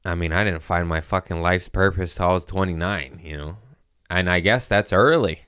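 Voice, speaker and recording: A man's voice: sits low, normal speed, fairly bright tone, clean tone, dry recording, studio quality. A man in his thirties hosting a podcast, telling stories in a profane, rambling casual chat. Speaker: podcast host, comedian.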